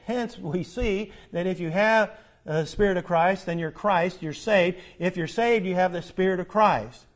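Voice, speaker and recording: Preaching a little slowly in a high-pitched voice, an older pastor repeats himself emphatically. His sermon alternates between booming declarations and quiet asides.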